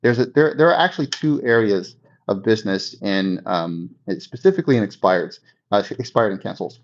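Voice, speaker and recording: A man's voice: on the low side, expressive, a little fast. A man giving a conversational real estate coaching talk, often checking in with his listeners. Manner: conversational, checks in with 'okay?' and 'right?'. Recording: dull lo-fi recording.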